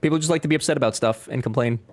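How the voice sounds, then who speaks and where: A man's voice: medium pitch, rapid-fire, darkish tone. A young man chatting casually with his live-stream chat while playing a game, joking and talking back to viewers.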